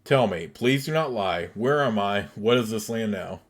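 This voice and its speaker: A man's voice: fairly low pitch, expressive, normal speed. A man voicing a young, resolute woman wizard-warrior from a computer game, speaking in formal, old-fashioned phrasing. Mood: shaken.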